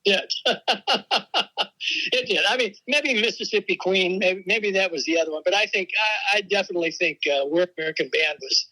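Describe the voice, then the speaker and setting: An older man, a veteran rock drummer, telling stories in a relaxed interview and laughing often. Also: high-pitched, fairly quick, rough recording. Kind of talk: casual interview talk.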